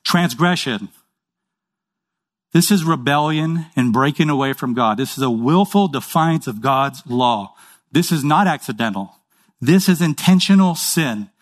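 A man's voice: on the high side, expressive. A man preaching a sermon in a conversational way, checking in with his listeners and acting out short dialogues. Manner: acts out little dialogues in quick voices. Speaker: pastor.

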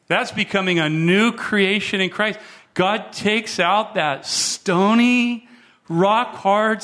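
A middle-aged man preaching as a guest pastor, lively, restarting his sentences and acting out the voices he quotes. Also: high-pitched. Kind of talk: sermon.

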